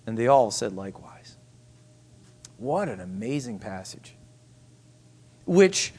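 A man preaching a sermon as pastor, emphatic and repetitive, sometimes dropping to soft asides. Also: fairly high pitch.

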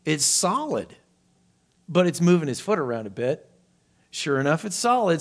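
A man preaching a sermon, acting out Bible characters with lifted voice and dropping to a hush for emphasis. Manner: expressive preaching, voicing Bible characters with rising pitch and volume; drops to a soft hush for emphasis. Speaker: pastor.

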